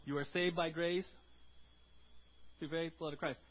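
A man's voice: on the high side, fairly even intonation, measured pace, highs cut off. A male pastor giving an emphatic sermon at a church service, asking the congregation questions. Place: church service before communion.

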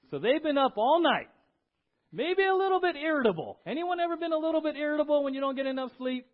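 A male pastor preaching a sermon in a church. He is animated and emphatic and asks the congregation questions. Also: very high-pitched, brisk. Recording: dull lo-fi recording.

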